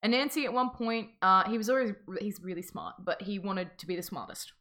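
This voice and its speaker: A woman telling folk tales in casual chat with a friend, animated and swearing, acting out the characters as she goes. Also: mid-range voice, fairly quick.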